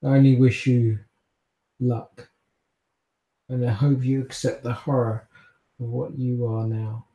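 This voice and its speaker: A man voicing a despairing woman who leads a defeated order, speaking in a solemn, slow farewell. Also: medium pitch, little pitch movement, dark tone, muffled recording, lightly acted. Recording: echoey room.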